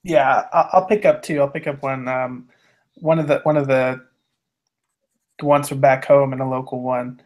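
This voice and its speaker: A man's voice: medium pitch, steady tone, moderate pace, a little mellow. A man playing a tabletop game, speaking in character in a casual, hesitant way with many restarts. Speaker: player. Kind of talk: in-character tabletop role-play.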